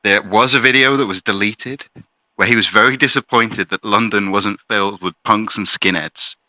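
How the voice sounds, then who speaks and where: A man's voice: lowish voice, moderate pace, sharp tone, dry recording, rough recording. A man co-hosting a podcast, giving crude, mocking casual commentary. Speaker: podcast co-host.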